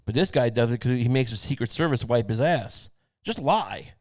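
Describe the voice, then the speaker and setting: A man hosts a comedy podcast in a loose, profane rant full of restarts. His voice sits at a plain middle pitch. The sound is dry and close. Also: lively intonation, moderate pace, a little mellow, no room sound. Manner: profane, rambling, many restarts. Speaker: podcast host.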